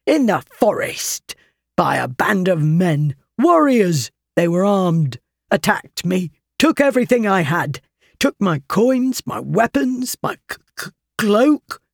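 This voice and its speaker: A narrator voicing a cold, hungry, angry man who grumbles and stammers with outrage, pushed higher and louder than the narration. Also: big pitch swings, slow, gravelly, no room sound, studio quality, heavily acted. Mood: aggrieved.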